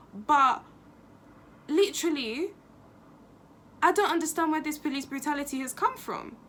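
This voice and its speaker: A woman's voice: sits high, sharp tone, a little hiss or hum. A young woman talking in a casual opinion vlog, impassioned and emphatic, repeating phrases for stress. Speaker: vlogger.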